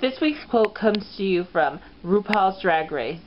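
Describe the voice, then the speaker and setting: A man's voice: high voice, lively intonation, a little slow, music in the background. A man hosting his own comedy vlog show, sassy and crude, with lots of swearing. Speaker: show host. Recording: lo-fi dull recording.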